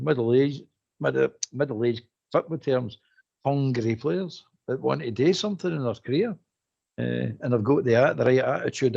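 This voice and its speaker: A man's voice: mid-range voice, vocal fry, slightly rough, dull audio. A man bluntly airing his views on a radio phone-in, repeating his points with heat. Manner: blunt, repetitive, animated. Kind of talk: casual phone-in opinion.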